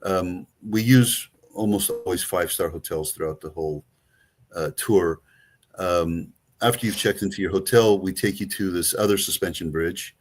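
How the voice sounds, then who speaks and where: A man with a very low voice and a Greek accent talks through a travel itinerary in a loose, rambling way. He co-hosts a casual travel show and fills his sentences with ums and restarts. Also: moderate pace. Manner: rambling, many fillers and restarts. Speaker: co-host, travel agent. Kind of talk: casual chat.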